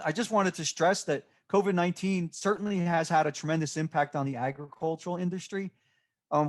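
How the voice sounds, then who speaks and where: A man giving a recorded slide presentation, speaking off the cuff and halting often with fillers and restarts. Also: on the high side. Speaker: extension presenter.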